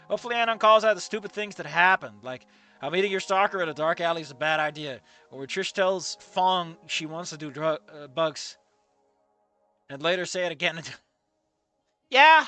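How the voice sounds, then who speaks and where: A streamer chatting casually over a game, cursing and laughing in excitable outbursts, with faint music behind. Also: medium pitch, moderate pace. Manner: profane, giggly, excitable outbursts. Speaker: let's play streamer. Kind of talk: casual game commentary and reading aloud.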